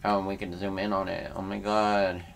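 A man's voice: deep voice, little pitch movement, moderate pace, gravelly, a little hiss or hum. A man hosting a let's play, giving casual, slangy gameplay commentary as he thinks aloud.

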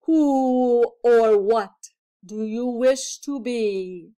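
A woman voicing a magic lizard in a children's storybook reading, speaking slowly and solemnly. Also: fairly high pitch, dark tone, clean tone. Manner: slow, measured, solemn. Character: magic lizard, slow, grand and mysterious.

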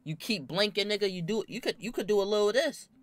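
A young man casually telling a wild story from his own life, animated and full of slang and swearing. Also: high voice, fast talker, no room sound. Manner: animated, slangy, swears a lot, bursts into loud laughing shouts.

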